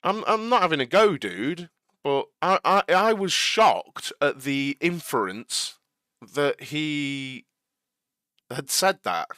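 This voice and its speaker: A man's voice: a little high, expressive, pushed and bright, dry recording, clean studio sound. A young man hosting a live watch-along stream, answering viewer chat in an earnest, slightly exasperated way and often restarting his sentences. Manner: halting, many restarts and repeated words.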